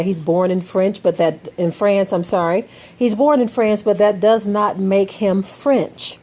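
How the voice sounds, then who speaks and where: A woman's voice: on the low side, mellow, slightly rough. An American woman giving an emphatic opinion monologue, often checking in with "okay?" and "right?". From United States. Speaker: commentator.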